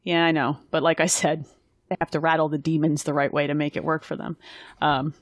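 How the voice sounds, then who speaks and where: A woman's voice: deep voice, flat delivery, a little fast, dry recording, clean studio sound. A woman co-hosting a podcast in casual chat, teasing and laughing often. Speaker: podcast co-host.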